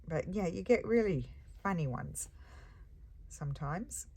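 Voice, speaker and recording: Low-pitched woman crafter, casual stitching chat, meandering and musing. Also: expressive, measured pace, a little mellow, husky, no room sound. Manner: rambling, chatty, thinks aloud with hums and ums. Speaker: embroidery crafter and shop owner.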